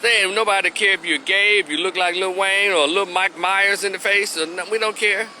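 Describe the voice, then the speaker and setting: A man's voice: sits high, steady tone, moderate pace, sharp tone, slight background noise. A man from Memphis with a Memphis Southern accent, giving a casual opinion monologue in loose, rhythmic street talk. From Memphis, Tennessee. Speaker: commentary vlogger.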